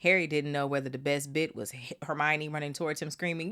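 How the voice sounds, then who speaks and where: A woman hosting a book club podcast, reading a novel aloud with animated, swearing asides. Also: sits low, fairly quick. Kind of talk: casual read-aloud with commentary.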